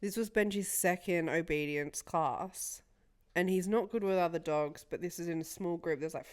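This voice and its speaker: A woman's voice: lowish voice, moderate pace, darkish tone. A young woman co-hosting a podcast, rambling through a story in casual chat, swearing freely and laughing often. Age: young adult. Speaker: podcast co-host.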